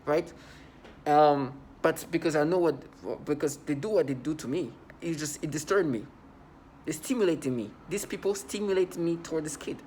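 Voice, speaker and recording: A man's voice: on the high side, normal speed, a little mellow, slight background noise. A man talking straight to camera in a casual monologue, agitated and rambling, repeating himself often.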